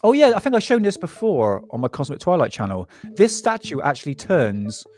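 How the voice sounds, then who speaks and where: A man's voice: fairly high pitch, very animated, a little fast, a little mellow, faint music behind. A man from England hosting a live show, chatting loosely with viewers and reacting to clips. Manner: rambling, laughing, talking to chat. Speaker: host of a live UFO show. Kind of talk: casual live-stream chat.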